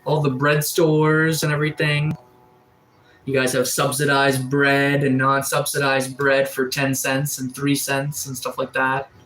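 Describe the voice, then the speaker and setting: A man's voice: mid-range voice, monotone, unhurried, a bit bright, rough recording. Man with a cold, from atlantic canada, livestreamer, casual chat replies, faint background noise. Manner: reads out and answers chat comments. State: has a cold. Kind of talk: casual live-chat stream. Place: sunroom.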